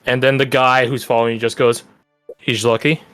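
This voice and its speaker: A man's voice: mid-range voice, little pitch movement, fast, a bit bright, smooth, dry recording, faint music behind. A man running a tabletop game as game master, narrating loosely and filling his lines with "like". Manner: loose narration, many fillers like "like".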